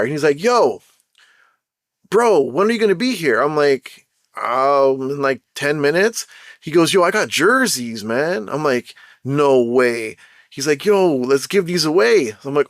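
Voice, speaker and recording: A man's voice: medium pitch, no echo, clean studio sound. Chatty Jamaican-accented man. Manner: animated, blunt and chatty, slang-heavy. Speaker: podcast host. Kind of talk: casual solo podcast talk.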